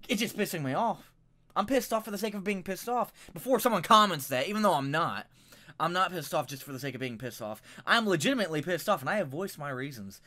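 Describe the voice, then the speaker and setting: Brief: ranting vlogger, foul-mouthed and fed up, pitch leaping all over, mic a bit distant. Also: fairly bright tone. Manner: profane, exasperated, rambling. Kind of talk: angry ranting commentary. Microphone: microphone a little way off.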